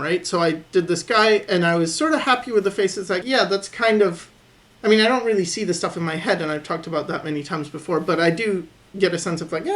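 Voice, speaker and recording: A man recording a voice-over as he sketches, calmly thinking aloud about his drawing habits and encouraging viewers to keep practicing. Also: high-pitched. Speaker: artist teaching drawing. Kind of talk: voice-over commentary while sketching.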